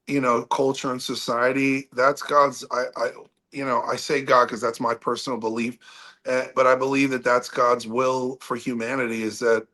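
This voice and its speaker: A man who is a rock singer and guest on a podcast, telling a long story in a casual, animated way with many restarts. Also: mid-range voice.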